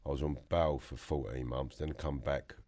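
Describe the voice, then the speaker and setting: A man's voice: extremely low pitch, steady tone, normal speed, warm tone. A middle-aged man with a London accent, telling blunt stories as a guest in a podcast studio. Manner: blunt storytelling, mimics others. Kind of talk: casual chat.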